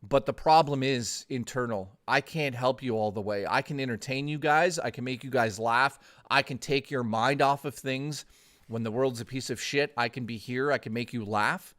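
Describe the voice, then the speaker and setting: A man's voice: mid-range voice, moderate pace, fairly bright tone. Male streamer host, strained voice, earnest pep talk with swearing, close desk mic. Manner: earnest, motivational, swearing freely. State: losing his voice. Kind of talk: live stream chat with viewers.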